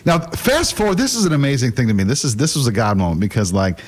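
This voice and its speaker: This middle-aged guest, a faith class teacher, talks fast and with lots of animation in a mid-range voice. His storytelling is earnest and relaxed, with the odd stammer or restart.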